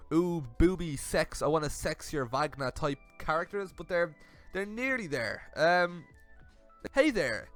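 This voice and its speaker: Lively, high-pitched man. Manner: animated, laughing, switches into silly voices for messages. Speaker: YouTube commentator. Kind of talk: comedic commentary reading messages aloud.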